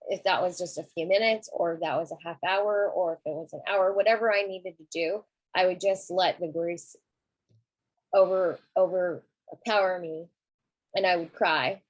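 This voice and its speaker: Soft, husky middle-aged woman. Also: lowish voice, steady tone, normal speed, no echo, low-quality recording. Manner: gentle, reflective, soft-spoken. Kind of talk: candid conversation about grief.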